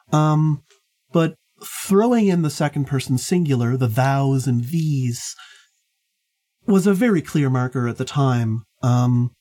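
A woman's voice: low-pitched, warm tone. A woman hosting a casual book discussion, explaining points at length with many fillers. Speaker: podcast host.

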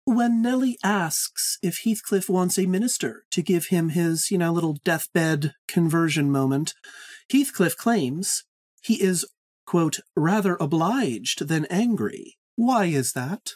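A woman's voice: lowish voice, unhurried, a little mellow. A woman hosting a podcast book quiz, playful, handing out points. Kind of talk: casual podcast chat.

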